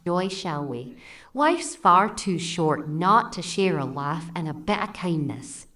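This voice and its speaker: A woman's voice: fairly low pitch, big pitch swings, takes it slowly, a bit bright, distant mic, heavily acted. A woman voicing a cheerful young Scottish woman with a lilting, storybook delivery.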